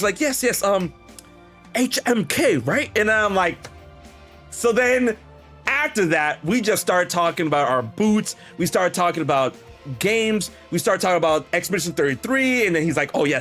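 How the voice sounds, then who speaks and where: A young man hosting a podcast, telling a long story in a rambling, animated way with many restarts and quoted dialogue. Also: fairly high pitch, brisk, faint music behind. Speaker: podcast host. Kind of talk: casual storytelling chat.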